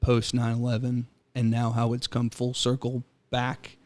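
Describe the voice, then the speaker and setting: A man at a middle pitch talks loosely in an easygoing podcast chat. He rambles and restarts, drops swear words freely, and often breaks into laughter. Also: monotone, a little slow, a little mellow. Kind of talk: casual chat.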